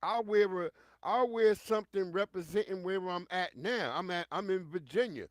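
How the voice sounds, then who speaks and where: A man hosts a livestream, riffing bluntly and animatedly with plenty of profanity. His voice runs fairly high. The sound is dry and close, with no room around it. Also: moderate pace, no echo. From New York. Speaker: livestream host. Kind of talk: casual commentary.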